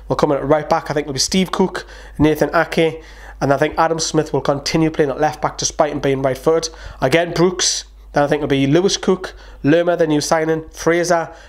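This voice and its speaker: Geordie football fan host, chatty and opinionated, slightly higher voice, casual preview chat. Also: male voice. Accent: Newcastle (Geordie). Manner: chatty, opinionated, quick asides. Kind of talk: casual match preview to camera.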